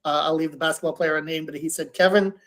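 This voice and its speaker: Male sports reporter, flat delivery, halting, heard over a video call. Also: fairly high pitch. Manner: halting, many fillers and restarts. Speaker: sports reporter, panel guest. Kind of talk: casual panel discussion.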